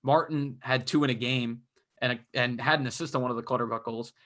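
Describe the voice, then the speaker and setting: A young man with a bright, forward voice talks hockey with a friend on a podcast. His thoughts wander and restart, padded with "um" and "like", in easy, casual chat. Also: medium pitch, steady tone, brisk. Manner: rambling, filler-heavy analysis. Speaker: podcast co-host.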